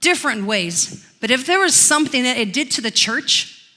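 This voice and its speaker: High bright-voiced woman pastor preaching. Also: sing-song, a little fast. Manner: storytelling, swells to loud declarations. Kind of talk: sermon. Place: church.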